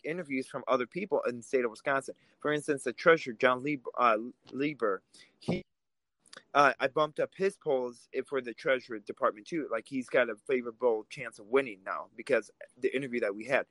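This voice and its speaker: A man's voice: mid-range voice, brisk, a bit bright, dry recording, rough recording. Heated man. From Russia. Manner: heated, emphatic, swears when angry. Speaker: podcast co-host. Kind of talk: political podcast talk.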